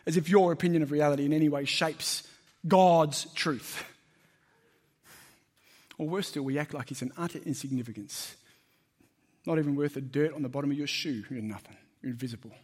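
A man preaches a sermon to his congregation in a conversational but emphatic way. He puts questions to the listeners and leans into his points. His voice sits a little higher than most men's. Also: fairly even intonation, moderate pace, pauses often.

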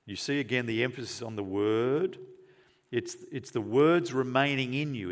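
A man delivering a sermon in an earnest, emphatic way. He keeps asking rhetorical questions and swings between stressed, forceful lines and softer, hushed ones. His voice sits at an ordinary middle pitch for a man. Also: steady tone, normal speed. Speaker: preacher.

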